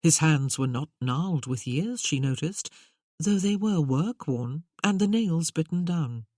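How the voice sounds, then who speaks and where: An audiobook narrator reading a period romance novel in an even, measured way. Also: medium pitch, no room sound, clean studio sound.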